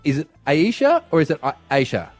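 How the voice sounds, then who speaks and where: A man's voice: fairly high pitch, sing-song, fairly quick, no room sound, faint music behind. Playful man co-hosting radio. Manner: playful, laughs often. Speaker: radio co-host. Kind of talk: joking radio banter.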